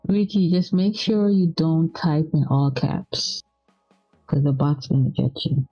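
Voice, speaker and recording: Soft-voiced woman co-hosting a stream. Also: low voice, measured pace, no echo, highs cut off, soft background music. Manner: soft, sleepy-sounding voice. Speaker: livestream co-host. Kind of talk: casual livestream chat.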